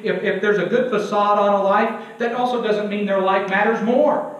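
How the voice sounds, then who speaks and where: A man's voice: sits high, fairly even intonation, normal speed, fairly bright tone. A young male preacher giving an emphatic sermon in a church, asking the congregation to fill in words and joking at his own expense. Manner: self-deprecating humor. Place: church sanctuary. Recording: very echoey church, distant and dull.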